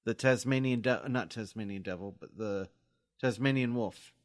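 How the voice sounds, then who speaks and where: A man's voice: fairly low pitch, normal speed, no room sound, studio quality. A man co-hosting a podcast, explaining things in an easygoing, teasing way. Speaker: podcast co-host. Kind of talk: casual podcast chat.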